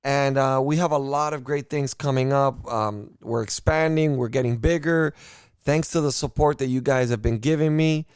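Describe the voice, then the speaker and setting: Male podcast host from Miami, mid-pitched, unfiltered and profane, smooth resonant tone, dry sound. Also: steady tone, moderate pace, no room sound. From Miami, United States. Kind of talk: casual political podcast talk.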